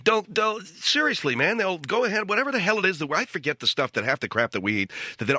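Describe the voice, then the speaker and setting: Middle-aged male radio comic, deadpan ranting monologue, bright tone, swings pitch a lot, dry studio sound. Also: fast talker, few pauses, no echo. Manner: deadpan rant jumping to shouted quotes. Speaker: radio comedy host. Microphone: studio radio mic.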